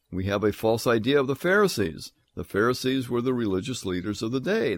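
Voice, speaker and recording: Low-voiced guy teaching bible, earnest, slows and gets loud on big points, dry close sound. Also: no echo. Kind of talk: Bible lecture.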